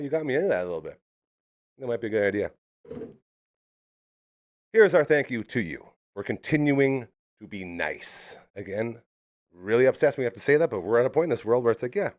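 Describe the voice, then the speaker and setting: A man hosting a live show, upbeat and rambling, with jokes along the way. His pitch swings widely up and down, sitting in a middle range. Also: sing-song, quick pace, a little mellow. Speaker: live podcast host. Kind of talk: casual live show chat.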